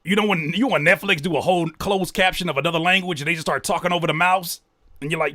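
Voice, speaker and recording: A man's voice: a little high, fairly even intonation, fast talker, sharp tone, no room sound, studio quality. A man hosting a reaction video, joking, cursing in slang and rereading lines aloud. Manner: profane slang. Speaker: reaction host. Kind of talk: casual reaction commentary.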